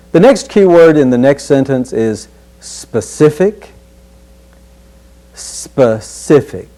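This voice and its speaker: A male speech instructor leads a pronunciation drill at a slow, measured pace. His voice is mellow and sits in a middle register. He sounds out each word with care and repeats it for the listener. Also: mid-range voice.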